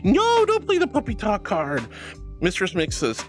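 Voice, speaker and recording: A woman's voice: medium pitch, huge pitch swings, moderate pace, soft background music. A young woman streaming as a VTuber, chatting casually and affectionately thanking viewers by pet names. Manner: bubbly and affectionate, calls viewers sweetie. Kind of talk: casual live-stream chat, reading viewer messages.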